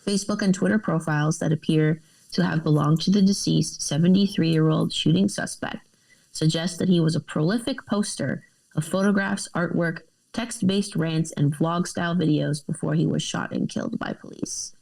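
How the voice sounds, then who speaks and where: A woman with a low, gravelly voice co-hosts a casual podcast. She reads news articles aloud and breaks in with her own offhand remarks. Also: fairly even intonation, moderate pace, darkish tone, low-quality recording.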